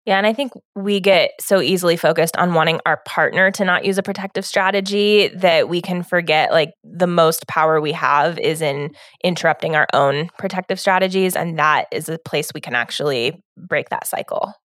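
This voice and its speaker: Female co-host, slightly low voice, thoughtful and chatty, dry studio sound. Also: moderate pace, hardly any pauses, fairly bright tone, no room sound. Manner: reflective, uses "like" often. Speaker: podcast co-host. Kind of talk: casual relationship advice talk.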